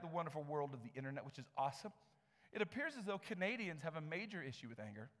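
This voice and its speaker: A man preaching in a church with a fairly high voice, talking in a loose, conversational way that circles back over his words. His sermon carries a long, hall-like reverb. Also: fairly bright tone. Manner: conversational, repeats words while building a point. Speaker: pastor.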